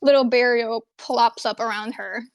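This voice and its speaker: A woman's voice: a little high, steady tone, moderate pace, dry recording. A woman player in a tabletop game, describing her character's actions in a rambling, explanatory way. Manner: rambling, explanatory with fillers like 'kinda, like'.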